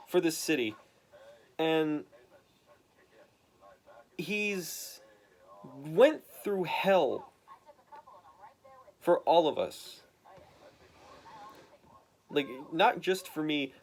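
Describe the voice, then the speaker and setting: A man putting on a young man's voice that jumps up high and stays loud and heated. He is brash, defiant and profane, retelling a comic book scene.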